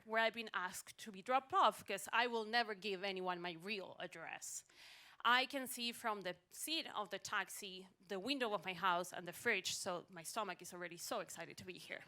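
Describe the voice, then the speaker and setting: A woman telling a funny personal story on stage at a live storytelling event, animated with wry timing, into a stage mic. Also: medium pitch.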